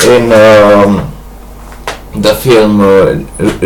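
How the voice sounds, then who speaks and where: Halting, grandiose man. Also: on the low side, a little hiss or hum, rough recording. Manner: hesitant, halting, many restarts and fillers; grandiose, earnest monologue. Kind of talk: rambling personal video message.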